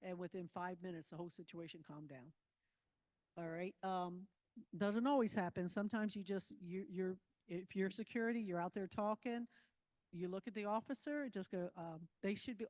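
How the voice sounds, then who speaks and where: A woman's voice: mid-range voice, a little mellow, in a large hall. A woman giving a live security training talk to volunteers, moving through slides in a loose, conversational way and often checking in with her listeners. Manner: loose, filler-heavy phrasing.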